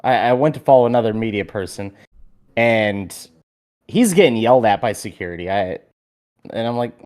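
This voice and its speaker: A man co-hosting a podcast in casual chat, telling a story with animated energy and plenty of swearing. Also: mid-range voice, fairly quick. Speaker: podcast co-host.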